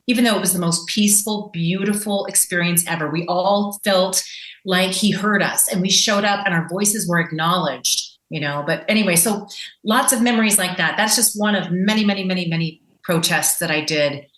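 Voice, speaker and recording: A woman's voice: lowish voice, normal speed, a bit bright, echoey room, low-quality recording. A woman guest on a podcast interview who talks in an impassioned, emphatic and defiant way.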